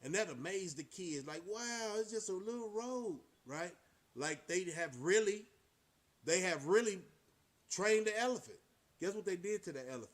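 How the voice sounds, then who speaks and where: Man, high voice, vlogger, preachy, motivational, rhetorical questions. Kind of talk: casual monologue to camera.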